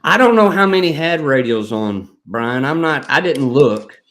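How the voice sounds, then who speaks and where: A man hosting a casual live stream, joking around, rambling and reading viewer comments out loud. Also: mid-range voice, lively intonation, normal speed.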